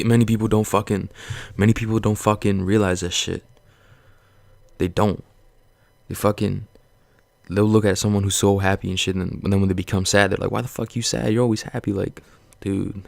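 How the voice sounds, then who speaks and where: A man with a deep voice and vocal fry vlogs a casual motivational rant to camera, recorded without echo. His pep talk is earnest and reassuring but blunt and profane, rambling and repeatedly circling back to the same points.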